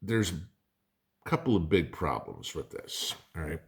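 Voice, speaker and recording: Middle-aged man, very low voice, rambling casual vlog host. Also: big pitch swings, a little slow, vocal fry. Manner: conversational, rambling, folksy asides. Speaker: prepping channel host. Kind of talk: casual talk to camera.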